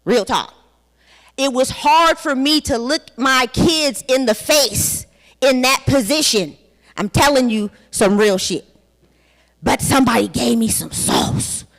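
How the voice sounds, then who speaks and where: A woman's voice: high-pitched, expressive, slow pace. A woman in her forties giving a candid, blunt personal testimony with some profanity at a conference. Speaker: conference speaker. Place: large conference hall. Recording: long hall reverb.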